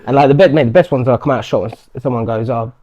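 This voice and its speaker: A man's voice: mid-range voice, rapid-fire, dark tone, muffled recording. A man, a professional fighter, chatting casually in an interview and acting out what strangers say to him. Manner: chatty, acts out quotes of strangers. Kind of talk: casual chat.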